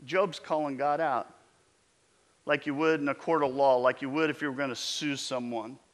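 A middle-aged man preaching a sermon in an animated, emphatic way, often restarting his phrases. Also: medium pitch, moderate pace. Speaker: pastor.

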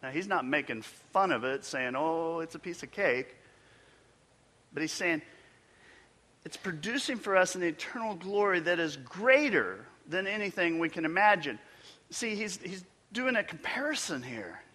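A male pastor preaching a sermon with emphatic delivery, building to loud peaks and then dropping almost to a whisper. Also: a little high, lively intonation, moderate pace, long reverb tail.

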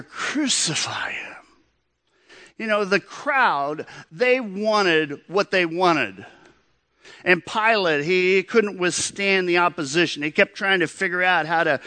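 A man's voice: fairly high pitch, sharp tone, no echo. A man preaching a sermon, telling stories in an earnest way and calling the listeners friends. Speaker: pastor.

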